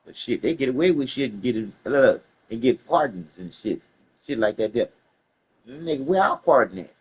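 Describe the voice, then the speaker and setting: A man telling a story casually, animated and profane, laughing along the way. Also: medium pitch, normal speed, husky, poor audio.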